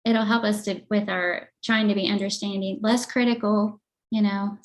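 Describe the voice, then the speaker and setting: A woman's voice: medium pitch, fairly even intonation, normal speed. Woman, casual talk show co-host, chatty, laughing, acts out quotes. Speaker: podcast co-host. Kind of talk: casual chat.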